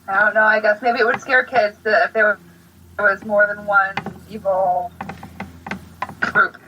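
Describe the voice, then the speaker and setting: A woman co-hosting a casual fan podcast, chatty and hesitant, often pausing on fillers. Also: mid-range voice, fairly even intonation, slight background noise. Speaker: podcast co-host. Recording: distant, dull lo-fi mic.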